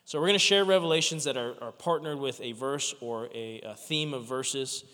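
A man leading a church gathering, explaining to the congregation how the sharing will work in an informal, halting way. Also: medium pitch, sharp tone. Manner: informal and hesitant, full of fillers and restarts. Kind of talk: giving instructions to a congregation. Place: church sanctuary. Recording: long church hall reverb.

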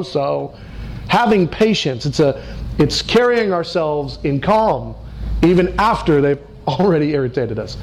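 Animated high-voiced male preacher. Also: a little hiss or hum. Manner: animated preaching, acts out quoted voices, slows for emphasis. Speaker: pastor. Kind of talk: sermon.

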